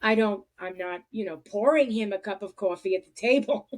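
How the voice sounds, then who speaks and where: A woman hosting a podcast, talking in a reflective, halting way with many restarts. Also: medium pitch. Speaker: podcast host. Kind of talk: casual conversation.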